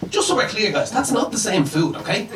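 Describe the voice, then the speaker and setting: A male comedian races through a story in a live set, jumping into each character's lines as he goes. His voice sits slightly high, and the recording sounds distant and roomy, with the audience heard behind him. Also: a little fast, noisy background. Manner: animated storytelling, acting out dialogue. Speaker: stand-up comedian. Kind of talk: stand-up set. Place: comedy club on a boat. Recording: echoey club with audience laughter. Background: audience laughter.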